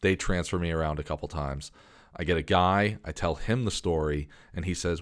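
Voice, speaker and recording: A man's voice: low voice, normal speed, no room sound, clean studio sound. A man telling a long, exasperated story in casual podcast chat, swearing and restarting his sentences often. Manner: exasperated, profane rant with many restarts. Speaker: podcast host.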